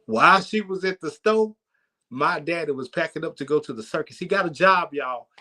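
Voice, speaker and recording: Animated man telling a church comedy story. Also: on the high side, normal speed. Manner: animated, laughs while telling. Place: church sanctuary.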